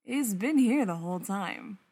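A woman's voice: medium pitch, expressive, a little slow, mellow, slightly rough. A woman voicing a drowsy young father who talks in a yawning, mumbling way. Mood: sleepy. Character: sleepy young man, a tired new father.

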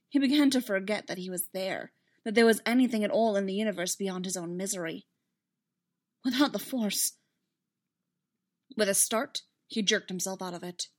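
A woman narrates a story aloud in an even, steady reading manner. Her voice sits at a middle pitch. She keeps a plain, measured delivery through the narration. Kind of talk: fan fiction read aloud.

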